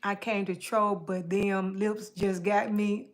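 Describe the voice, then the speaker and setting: A woman's voice: mid-range voice, flat delivery, slow, hardly any pauses. A woman hosting her own livestream, chatting casually with viewers in loose colloquial speech, teasing people by name and repeating phrases for emphasis. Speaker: livestream host.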